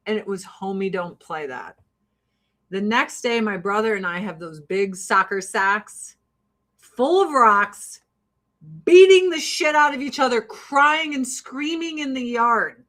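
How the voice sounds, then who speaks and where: A woman's voice: medium pitch, a little slow. A middle-aged woman hosting a casual talk show, rambling and swearing as she tells stories. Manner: rambling, profane, animated storytelling. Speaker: podcast host. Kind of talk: casual chat.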